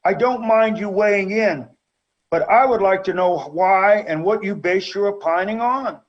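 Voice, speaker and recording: High-voiced man pressing hard, dull sound. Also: unhurried. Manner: pressing, insistent questioning. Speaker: council member. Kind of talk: council meeting debate.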